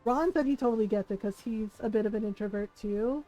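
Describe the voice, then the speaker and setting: A woman streaming a game and chatting casually, telling animated stories with frequent laughs and lots of "like" fillers. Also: a little high, a little fast, soft background music. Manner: animated storyteller, laughs often, many "like" fillers. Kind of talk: casual chat while playing a game.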